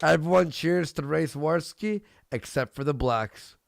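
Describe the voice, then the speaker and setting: A man's voice: fairly high pitch, measured pace, vocal fry, no room sound, studio quality. A man hosting a livestream in a crude, joking way with frequent laughter. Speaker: livestream host. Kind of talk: casual livestream commentary.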